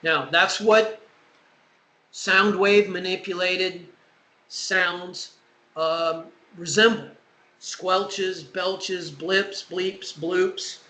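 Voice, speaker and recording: A man's voice: high voice, steady tone, drawn-out words, bright, forceful tone, echoey room, poor audio. A man giving a university music lecture in a conversational, digressive way, with frequent fillers. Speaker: music professor. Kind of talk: classroom lecture. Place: classroom.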